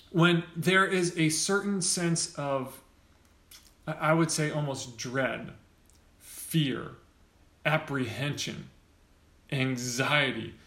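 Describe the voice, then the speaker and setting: A man's voice: fairly high pitch, fairly bright tone, reverberant. A pastor delivering a conversational sermon to his church, often checking in with the congregation by asking "right?".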